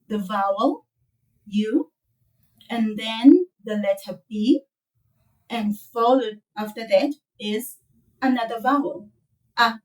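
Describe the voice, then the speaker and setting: A woman teaching a children's language lesson, modeling words slowly and playfully with laughs. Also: on the high side, a little mellow, recorded from a distance, low-quality recording. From South Africa.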